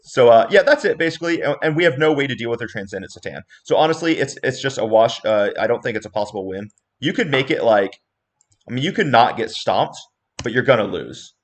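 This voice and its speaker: An animated male host chats on a casual livestream. He explains things with easy confidence and laughs often, with a mid-range, everyday voice. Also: mid-range voice, fairly quick. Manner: animated, chatty, laughs easily. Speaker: host and coach.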